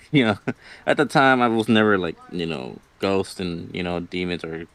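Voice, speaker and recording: A man's voice: low-pitched, expressive, moderate pace, fairly bright tone, no room sound. A young man telling a personal ghost story in a casual, rambling way, full of "like" and "you know" and quoting himself.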